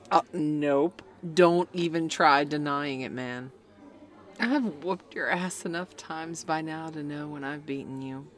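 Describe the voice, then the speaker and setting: A woman's voice: low-pitched, heavily acted. A young woman voicing a cocky, taunting female best friend in an audio role-play, talking in a smug, playful way.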